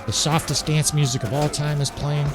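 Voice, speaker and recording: Excitable dude talking over his strategy game, swears a lot, laughs, keeps saying right?, loud game music behind him. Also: on the high side, moderate pace. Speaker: gameplay commentator. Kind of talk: casual gameplay commentary. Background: game soundtrack music.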